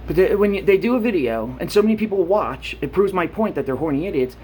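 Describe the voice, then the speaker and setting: A man's voice: high voice, lively intonation, fast talker, darkish tone, slight background noise. A man vlogging in a blunt, profane rant, getting worked up as he talks. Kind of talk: casual rant to camera.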